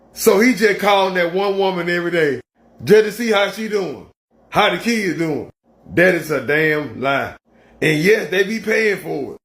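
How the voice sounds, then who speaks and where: A man's voice: high voice, fairly bright tone, reverberant. A man ranting bluntly and scoffingly in casual talk. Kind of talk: casual rant.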